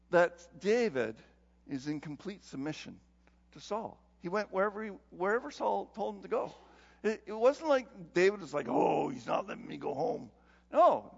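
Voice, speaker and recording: A man's voice: high-pitched, gravelly. A man preaching a conversational sermon as pastor, laughing often and acting out the people he quotes. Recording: dull sound with long hall reverb.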